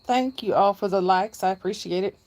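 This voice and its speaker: A woman's voice: mid-range voice, brisk, darkish tone. A middle-aged woman hosts a live stream in a casual chat. She reads out viewer comments, thanks people by name, and laughs often.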